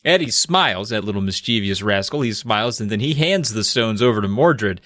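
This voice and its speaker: A man's voice: lowish voice, animated, a little fast, fairly bright tone, no echo. A man on a comedy podcast retells a spooky children's book, loose and profane, full of fillers. His voice rises and falls a great deal. The sound is dry and close. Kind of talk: casual comedic storytelling and reading.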